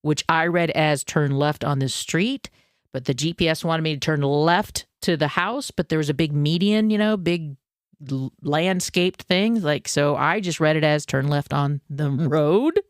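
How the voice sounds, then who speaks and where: A woman hosting a podcast, telling a personal story in a casual, animated, self-deprecating way and acting out her own panic. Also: sits low, unhurried, no room sound, clean studio sound. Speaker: podcast host.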